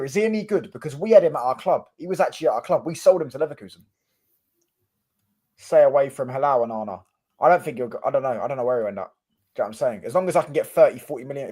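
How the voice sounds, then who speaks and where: A man, chatting on a live stream about football in quick, slangy banter. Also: medium pitch, mellow, husky. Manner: fast, slangy, keeps asking "do you know what I'm saying". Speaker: Manchester United fan co-host.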